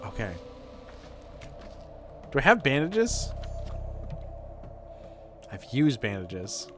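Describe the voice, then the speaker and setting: A man's voice: medium pitch, huge pitch swings, drawn-out words, noisy background. A man streaming a game as a vtuber, chatting casually as he plays, thinking aloud and swearing when things go wrong. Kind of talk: casual gameplay commentary.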